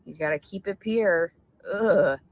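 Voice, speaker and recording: A woman's voice: on the low side, a little slow, phone-quality sound. A woman delivering an angry, profanity-laden vlog rant, insulting and rambling. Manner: furious, insulting, stream-of-consciousness. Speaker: vlogger.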